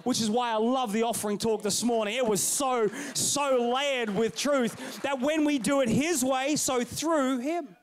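A man over thirty-five preaching a sermon, telling stories and swinging between loud bursts and hushed lines. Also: very high-pitched, a little slow, few pauses.

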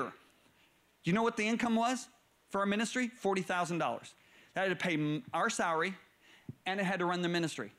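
A middle-aged male preacher telling stories in a sermon, swinging between low murmurs and raised, excited bursts. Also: normal speed, long pauses. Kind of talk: storytelling sermon.

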